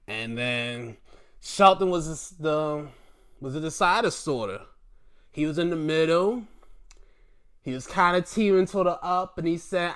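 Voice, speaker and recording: A man from Baltimore giving a casual, animated recap of a wrestling show and acting out quotes. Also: fairly high pitch, normal speed.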